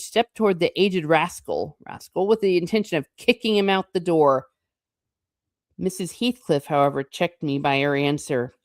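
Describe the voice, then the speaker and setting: A woman hosting a show, reading a classic novel aloud slowly and deliberately, then breaking off into chatty, amused asides. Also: low-pitched, no room sound, studio quality. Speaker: host.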